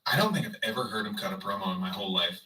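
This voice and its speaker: A man's voice: on the low side, lively intonation, racing, sharp tone, far from the mic, a little hiss or hum, low-quality recording. A man livestreaming in casual chat, rambling and sarcastic as he talks to his viewers.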